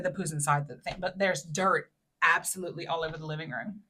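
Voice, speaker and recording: A woman's voice: steady tone, quick pace. A woman in her thirties, a podcast co-host, telling a story in casual chat with many fillers and acted-out quotes. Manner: acts out quotes in a high, loud voice.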